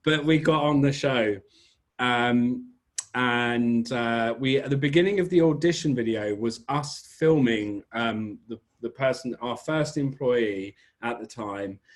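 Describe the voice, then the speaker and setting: A man's voice: medium pitch, unhurried. A British man with an English accent, a small business owner chatting as a podcast guest, telling rambling stories and correcting himself as he goes. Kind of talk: casual podcast interview.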